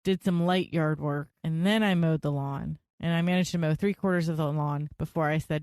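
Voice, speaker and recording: A young woman co-hosting a podcast, telling family stories in a chatty, animated way. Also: deep voice, normal speed, hardly any pauses, no echo, clean studio sound. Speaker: podcast co-host. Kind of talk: casual chat.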